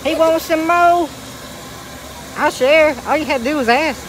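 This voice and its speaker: A man in his twenties, a vlogger chatting in a crude, playful way with loud outbursts, outdoors. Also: very high-pitched, unhurried, long pauses, background noise. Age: 20s. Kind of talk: casual joking chat.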